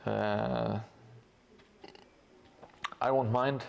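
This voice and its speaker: A man's voice: medium pitch, fairly even intonation, extremely slow, vocal fry, a little mellow, a little hiss or hum. A tired man from Norway chatting casually with viewers on a live stream while painting, joking and hesitant with many fillers.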